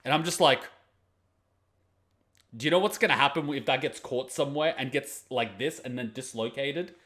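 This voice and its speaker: A man's voice: mid-range voice, moderate pace, a bit bright. A man hosting an anime reaction video, giving blunt, profane, mocking commentary on the fight.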